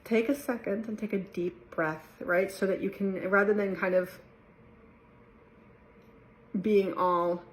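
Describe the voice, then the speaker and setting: A woman talking casually about mindfulness to her viewers, relaxed and chatty, often laughing and slipping into playful quoted voices. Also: medium pitch, takes it slowly, long pauses. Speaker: mindfulness vlogger. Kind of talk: casual talk to camera.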